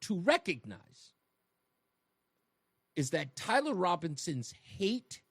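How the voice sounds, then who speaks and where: A man's voice: high voice, big pitch swings, slow, fairly bright tone, husky, no room sound, studio quality. A man hosting a talk radio show, delivering an emphatic monologue and speaking straight to his listeners with rhetorical questions. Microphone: studio microphone.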